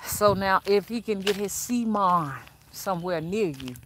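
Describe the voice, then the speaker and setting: A woman's voice: mid-range voice, expressive, unhurried, noisy background. An older woman talking casually and frankly to her viewers as a spiritual advisor, preachy and full of fillers and restarts. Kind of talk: casual livestream talk.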